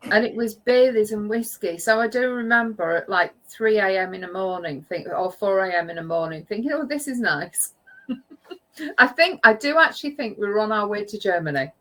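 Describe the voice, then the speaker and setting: A woman on a casual chat show, reminiscing about a trip in a relaxed way and trailing off with fillers. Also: medium pitch, normal speed, rough recording. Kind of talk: casual anecdote telling.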